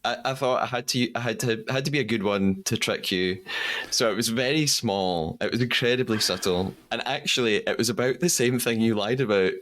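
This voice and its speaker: A man hosts a podcast in a relaxed, conversational way. He is friendly and chatty and laughs easily with his guest. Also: mid-range voice, fairly quick. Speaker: podcast host. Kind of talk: casual interview chat.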